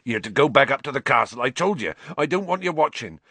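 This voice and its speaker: Man doing a grieving gentle giant, halting, subdued, lively pitch swings, storybook audiobook. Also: husky, dry recording, exaggerated voice. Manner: halting and subdued, stumbling over words. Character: huge gentle male groundskeeper, grieving and shaken.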